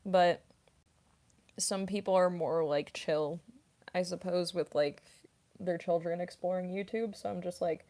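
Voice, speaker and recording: A woman's voice: on the low side, steady tone, a little slow, darkish tone. A young woman streamer and voice actress answering chat questions casually, rambling with lots of fillers and giggles.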